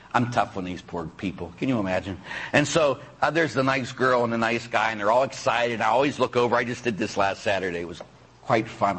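A man preaching as a Catholic priest, telling stories in an animated way, acting out the people he quotes and breaking into sudden loud outbursts. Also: medium pitch, slightly rough, low-quality recording. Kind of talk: sermon.

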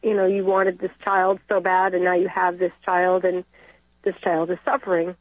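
A woman's voice: on the low side, little pitch movement, moderate pace. An older woman calling in to a radio show, emotional and close to tears as she talks. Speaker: caller. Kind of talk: phone-in call. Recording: husky, dry, tinny phone line.

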